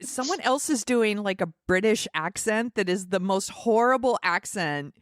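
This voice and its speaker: A woman's voice: medium pitch, lively intonation, normal speed, dry recording, clean studio sound. A woman co-hosting a casual movie podcast, wryly recapping scenes and commenting as she goes. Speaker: podcast co-host. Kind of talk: casual chat.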